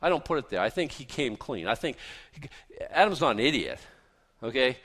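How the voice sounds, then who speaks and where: A man preaching a sermon in a folksy, punchy way, with rhetorical questions and lively acted-out voices. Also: mid-range voice, a little fast. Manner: animated, acts out voices of biblical figures.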